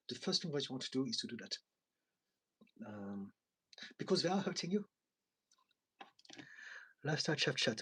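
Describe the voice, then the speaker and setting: A man in his forties speaks as a therapist in a live viewer chat. His voice is husky and slightly breathy, sitting at an ordinary middle pitch. He talks in an earnest, confessional, reflective way. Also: a bit bright, poor audio. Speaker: therapist and coach.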